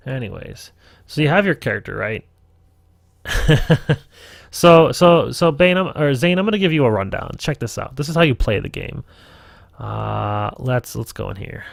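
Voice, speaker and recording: Hunched over his computer as game master on a laid-back live tutorial stream, a man rambles, curses and mutters to himself. He sounds animated, with a mid-range voice, normal speed and vocal fry, captured in a dry recording.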